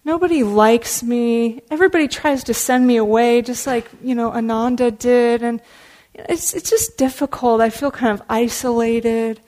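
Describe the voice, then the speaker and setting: A woman's voice: on the high side, normal speed, darkish tone, close to an everyday voice. A woman voicing Mara, a male demon who nags and challenges, in a storytelling dharma talk. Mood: forlorn.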